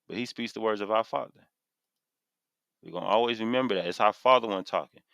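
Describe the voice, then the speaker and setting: A man's voice: on the low side, fast, gravelly, a bit bright, clear, resonant tone, no room sound, dull audio. Fired-up preaching man, dry close sound. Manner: impassioned, preachy, reads verses aloud then repeats them with emphasis. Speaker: street preacher teaching scripture. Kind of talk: fiery scripture sermon to camera. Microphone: camera mic.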